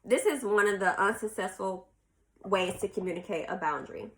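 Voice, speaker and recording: A woman's voice: mid-range voice, a little fast, fairly bright tone. A woman hosts a podcast in a casual chat, reading passages from a self-help book aloud and talking to listeners as y'all. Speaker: podcast host.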